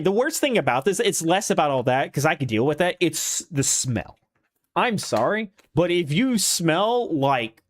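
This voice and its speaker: A young man rants casually with an animated, swooping delivery that climbs and dips as he tells a story, pitched a bit above most men's. He talks in fits and restarts and swears freely. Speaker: streamer. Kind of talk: casual rant.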